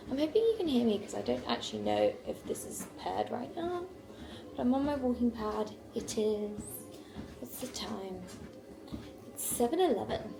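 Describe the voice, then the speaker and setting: A woman's voice: on the high side, creaky, noisy background. A woman vlogging casually at home while walking on a walking pad, chatty and rambling, on a small wireless mic. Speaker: lifestyle vlogger. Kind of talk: casual vlog chat to camera.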